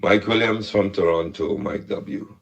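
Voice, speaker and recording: A man calls into a radio show and works steadily through formal greetings to everyone. His voice sits somewhat low. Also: steady tone, measured pace, muffled recording. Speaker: radio caller.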